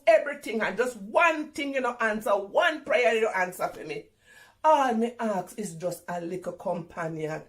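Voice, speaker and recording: Theatrical Jamaican woman, comic monologue. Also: a little high. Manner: theatrical, exclaiming, talks to God and phone. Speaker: comedy performer.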